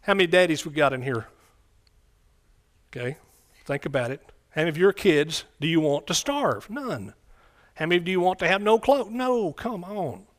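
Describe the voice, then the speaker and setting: A man's voice: fairly high pitch, expressive, moderate pace. A man preaching a sermon in a conversational way, often repeating phrases and asking the congregation questions.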